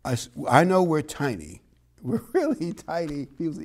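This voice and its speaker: A man's voice: on the high side, very animated, moderate pace. Chatty, encouraging male preacher. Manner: conversational, encouraging, chuckles. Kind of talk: sermon.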